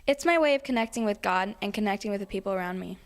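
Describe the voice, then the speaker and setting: Smooth-voiced earnest teen girl. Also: medium pitch, lively intonation, quick pace. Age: teens. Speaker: student interviewee.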